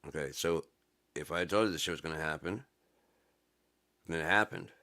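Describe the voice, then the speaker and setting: Man with a very deep voice. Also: sharp tone. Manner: reads scripture slowly then riffs with blunt casual profanity. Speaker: religious commentator. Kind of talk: casual religious monologue.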